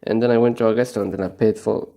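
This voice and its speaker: A young man with a low, gravelly voice rambles on in a casual, profane monologue. He is stoned and his tone is mellow and unhurried, broken up by frequent laughs. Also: steady tone. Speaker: vlogger.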